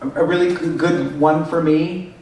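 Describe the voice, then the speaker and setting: A man, a voice actor, answering fan questions at a convention panel in an animated way, now and then slipping into character voices. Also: fairly high pitch, normal speed. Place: large echoey convention hall. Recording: echoey hall picked up from far off.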